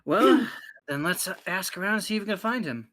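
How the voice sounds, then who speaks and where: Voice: medium pitch, animated, brisk, a bit bright, slight background noise. A player in casual tabletop play, making laughing asides.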